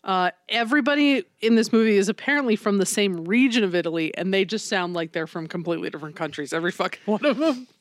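A woman's voice: medium pitch, lively intonation, quick pace, few pauses, no room sound. Woman co-host, casual movie chat, blunt and profane, laughs a lot, dry close recording. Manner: blunt, swears freely, laughs often. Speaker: podcast co-host.

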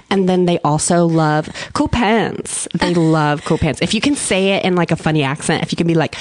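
A woman doing improvised comedy as a guest character, deadpan and rambling. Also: on the low side, moderate pace, hardly any pauses, no room sound. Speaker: guest playing a child psychologist.

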